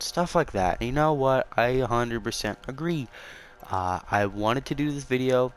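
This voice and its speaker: The audio, from a console game capture, features a man with a voice on the low side and a clean tone, speaking unhurriedly. He runs a small gaming channel and rambles in a casual, defensive way, repeating himself and stuttering frequently.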